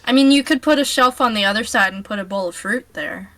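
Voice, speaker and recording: A woman with a somewhat high voice chatting casually as a co-player on a live stream. She tosses in short, dry joking asides between the game lines. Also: quick pace, a bit bright.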